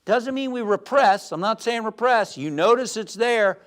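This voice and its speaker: A man giving an uplifting sermon as a spiritual teacher, animated and shifting between loud emphasis and soft calm, who tells jokes. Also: high-pitched, normal speed. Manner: tells jokes with acted voices.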